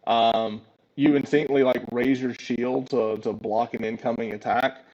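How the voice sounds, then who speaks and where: A man's voice: mid-range voice, fairly even intonation, moderate pace, darkish tone, lo-fi sound. A man narrating a tabletop game as game master, with many ums and uhs. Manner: hesitant, filler-heavy narration.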